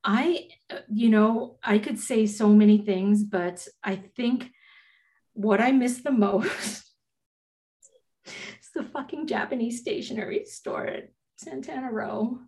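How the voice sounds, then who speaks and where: A woman's voice: on the high side, slow, darkish tone. Blunt, joking woman podcast co-host. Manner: blunt, joking, swears casually. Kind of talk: casual chat.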